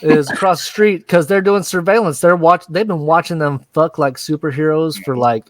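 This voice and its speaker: American host, rowdy recap chatter, slightly high voice, close dry mic. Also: male voice, no room sound. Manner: rowdy, acts out scenes in quick voices. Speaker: podcast host recapping a show. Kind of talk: casual recap chat.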